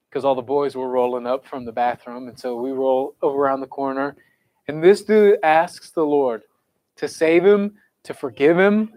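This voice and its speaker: His voice is a little high, with no echo in the recording. This young camp speaker shares a conversion story during a sermon for students and counselors and then leads a prayer, staying earnest and conversational while casually quoting others.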